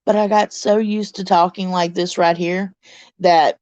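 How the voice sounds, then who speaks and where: A middle-aged woman with a Deep South Mississippi accent, chatting bluntly and casually as a livestream host reading her chat. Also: fairly even intonation, a little slow, a little mellow, no echo, highs cut off.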